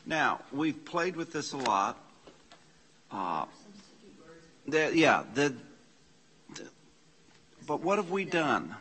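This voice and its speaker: A man leading an informal church class, slowly reading out Greek scripture and explaining the grammar with casual asides. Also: a little high, big pitch swings, fairly bright tone, slight background noise. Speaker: Bible study teacher. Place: church meeting room.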